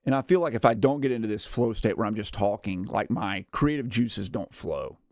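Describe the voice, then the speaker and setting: A gaming streamer in his thirties chats casually and rambles on his livestream, heavy on "like" and "uh," chuckling often. His fairly low, darkish voice is expressive and a little fast, with dry, clean studio sound.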